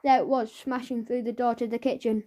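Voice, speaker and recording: A woman's voice: on the high side, little pitch movement, a little fast, warm tone. A woman narrating a children's audiobook in a playful way, reading sound effects aloud.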